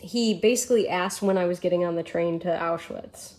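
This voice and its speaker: A woman's voice: on the low side, a little fast, a little mellow. A woman from Michigan co-hosting a casual political podcast, telling stories bluntly with swearing and laughter. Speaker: podcast co-host.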